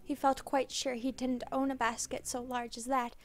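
A woman narrating a scripted story in a measured, dramatic reading. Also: high-pitched, level tone, soft background music.

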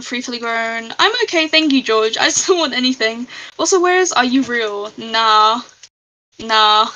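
Woman streamer, bright and giggly, casual game chat. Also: fairly high pitch, poor audio. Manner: chatty, giggly, reads out chat. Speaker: live streamer. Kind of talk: casual live-stream chat while gaming.

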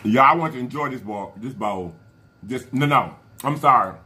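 A man's voice: medium pitch, animated, moderate pace, pushed and bright, a little hiss or hum. A man talking casually to his viewers while eating a seafood meal, chatty and murmuring between bites. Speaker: mukbang vlogger.

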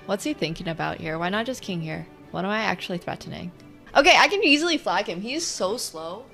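A woman streaming her online chess games, talking through the moves and swinging from quiet muttering to loud outbursts. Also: medium pitch, lively intonation, brisk, gravelly, faint music behind. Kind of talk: live commentary while playing online chess.

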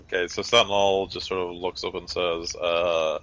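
Deep-voiced male game master. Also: little pitch movement, normal speed, a bit bright, muffled recording. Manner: loose, filler-heavy narration. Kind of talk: narrating a tabletop game.

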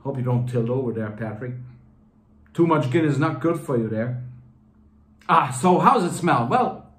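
A man's voice: mid-range voice, animated, moderate pace, fairly bright tone. A man casually reviewing a fragrance on video, rambling and chatty with lots of fillers and restarts. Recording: roomy echo.

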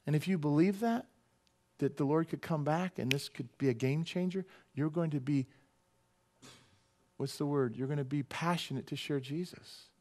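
A male pastor preaching a lively sermon in a slightly higher-than-usual voice. He talks in a conversational, joking way, punching some phrases loudly and dropping others to near-quiet asides. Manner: animated and conversational, swinging between loud emphasis and quiet asides; jokey, drops into quick playful voices.

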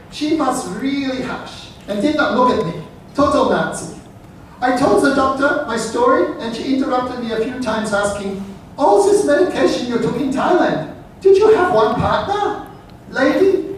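Man doing a Viennese letter writer, deadpan, mid pitch, distant and roomy. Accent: put-on Viennese. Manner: reads a letter aloud in character, dry and matter-of-fact. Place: lecture room with audience. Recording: roomy, distant, faint noise.

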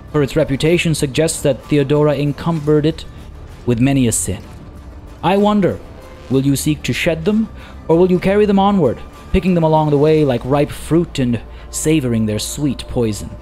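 Man voicing stern old priest for a game read-through, cracked voice pitched up, solemn and preachy. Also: normal speed, dark tone, faint music behind, close to an everyday voice. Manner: solemn, sermonizing. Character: gaunt old male priest, stern and judgmental.

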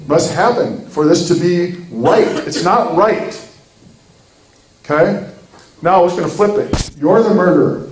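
A man's voice: high-pitched, a little mellow, echoey room, poor audio. A man in his fifties from Minnesota giving an earnest, sermon-like talk, telling a story with acted quotes. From Minnesota, USA. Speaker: ministry speaker.

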